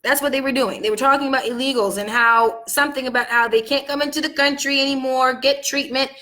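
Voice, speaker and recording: A woman vlogger talking straight to her viewers in a heated, venting monologue, upset and angry, her voice swinging from loud outbursts to quiet, low lines. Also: fairly even intonation, quick pace. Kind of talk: casual monologue to camera.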